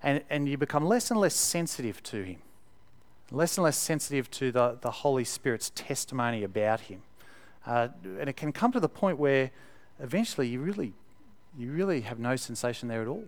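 A man's voice: medium pitch, expressive, fairly quick. Man preaching conversationally. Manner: conversational, emphatic, with fillers and repeated words. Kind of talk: sermon.

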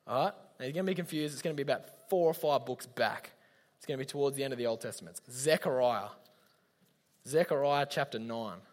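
A young man giving a chatty, slangy youth talk, speaking straight to his listeners. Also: fairly high pitch. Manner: chatty, slangy, addresses audience directly. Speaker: youth leader. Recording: long hall reverb.

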